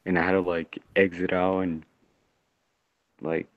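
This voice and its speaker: A man's voice: deep voice, little pitch movement, dry recording. A man calling into a casual online hangout late at night, keeping his voice down. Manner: keeps his voice down, talks slowly. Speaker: hangout caller. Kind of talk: casual chat. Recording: dull, dry lo-fi call audio.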